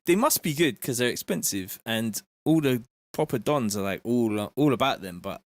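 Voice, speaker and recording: A man chatting casually on a live stream, reading out viewer messages in a relaxed, slangy way from his home studio. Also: mid-range voice, no room sound. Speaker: music producer streaming live.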